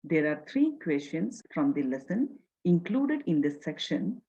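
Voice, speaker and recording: A woman teacher with an Indian English accent talks children through a story lesson, slow and very lively in pitch. Her voice is a little husky, and the recording sounds dull and lo-fi. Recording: dull lo-fi audio.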